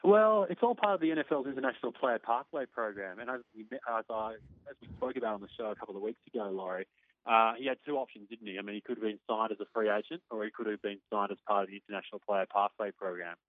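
A man's voice: lowish voice, no room sound. An Australian man working as a sports correspondent, telling stories in a chatty radio report. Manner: chatty, quick storytelling. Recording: tinny phone line, dry.

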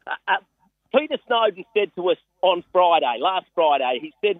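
An Australian weatherman telling his racehorse story with animated excitement on a radio phone-in. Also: high voice, moderate pace, no echo. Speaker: weatherman and racehorse part-owner. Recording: tinny phone line.

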